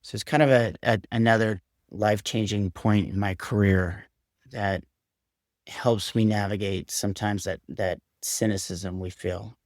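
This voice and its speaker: A man, a surgeon, telling a candid story from his career in an earnest, measured way during a podcast interview. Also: on the low side, steady tone, dry recording, studio quality. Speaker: surgeon guest.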